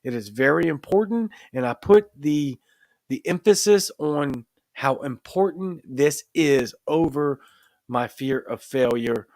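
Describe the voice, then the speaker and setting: Speaking into a desk mic set in front of the camera, this Cajun-accented man runs a live show, chatting casually with viewers and reading their comments. His voice is on the high side and a little mellow, with lively intonation and an unhurried pace, and there's no room sound. Earnest and emphatic, he repeats himself, restarts phrases often and builds up to strong points.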